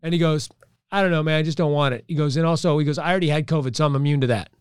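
Middle-aged guy telling a gym story, acts out both sides, smooth clear voice, slightly high. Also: rapid-fire, no echo, clean studio sound. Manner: animated storyteller, acts out dialogue. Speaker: gym owner. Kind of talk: casual podcast chat.

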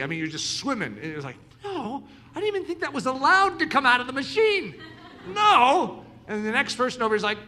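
A man preaching a sermon in an animated way, acting out the voices of his listeners. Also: high-pitched. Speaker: pastor.

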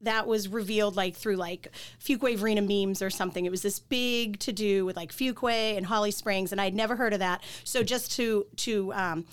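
A woman's voice: mid-range voice, fairly even intonation, moderate pace, hardly any pauses, clear, resonant tone. A middle-aged woman with a Boston accent, a guest chatting casually on a podcast, laughing easily and using lots of fillers. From Boston area. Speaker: insurance agency owner, guest.

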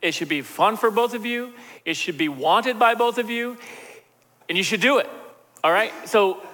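Bright, high-voiced man preaching in a hall. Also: normal speed. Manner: conversational and joking, acts out quoted voices. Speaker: pastor. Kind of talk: sermon. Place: large church hall. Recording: long hall reverb.

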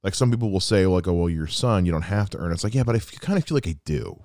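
Low-voiced guy in his 30s, dry close mic, heartfelt podcast monologue. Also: sing-song, rapid-fire, a little mellow, no room sound. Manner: earnest and reflective, with quoted asides. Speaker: podcast host.

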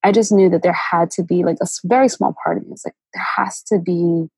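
A woman guest telling a painful personal story, halting and emotional, with many fillers and restarts. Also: lowish voice, dark tone, slightly rough, dry recording, poor audio. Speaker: interview guest.

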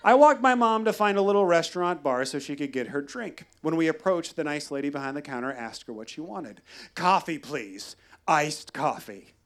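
Guy doing a live story set, dry jokes, kinda higher voice. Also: a little fast, few pauses. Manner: wry, deadpan humor. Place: live venue.

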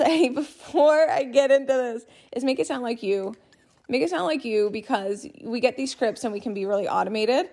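A young adult woman coaching listeners on sales in an enthusiastic, direct way. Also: on the high side. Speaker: business coach. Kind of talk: teaching monologue.

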